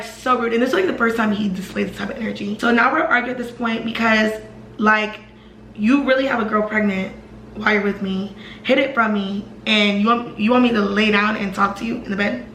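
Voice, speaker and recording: A young woman rattles through a personal story in a fast, chatty storytime style, packed with fillers and asides. Her voice is bright and sits a little high. The room gives it a roomy echo. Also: a little hiss or hum. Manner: fast, animated, lots of fillers. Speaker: vlogger telling a personal story. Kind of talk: casual storytime.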